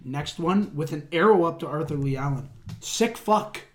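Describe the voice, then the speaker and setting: A man's voice: fairly high pitch, expressive, moderate pace. A man hosting a podcast, joking and swearing with his friends and laughing often. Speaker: podcast host. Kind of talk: casual podcast banter.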